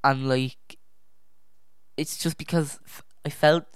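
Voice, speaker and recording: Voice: medium pitch, steady tone, slow, clear, resonant tone, dry recording. A young adult hosting a true crime podcast in a casual, rambling way, often correcting themself, sighing and dropping to a near whisper at times, on their own podcast mic. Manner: rambling, self-correcting, easily distracted. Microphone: own podcast microphone.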